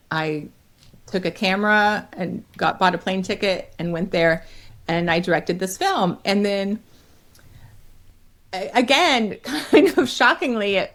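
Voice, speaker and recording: A middle-aged woman, a comedian, telling stories as a guest in an interview, lively and quick to laugh. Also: mid-range voice. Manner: lively, laughs often, acts out quotes. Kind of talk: storytelling in an interview.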